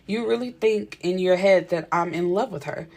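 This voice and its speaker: A woman's voice: lowish voice, moderate pace, a little mellow. A woman voicing a brash young man who talks in slang and curses freely. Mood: pleading. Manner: slangy, cursing, boastful.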